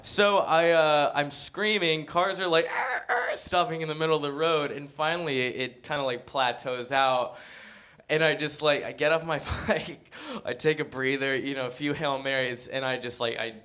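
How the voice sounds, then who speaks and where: Young male guest, lively storyteller, smooth clear voice. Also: a little high, normal speed. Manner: animated storyteller, acts out quotes. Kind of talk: casual interview chat.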